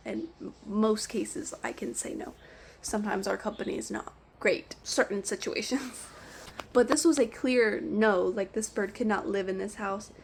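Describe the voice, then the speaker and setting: A young woman telling pet store stories in an animated, exasperated rant, swearing freely. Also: mid-range voice, creaky, slight background noise. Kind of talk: storytime rant.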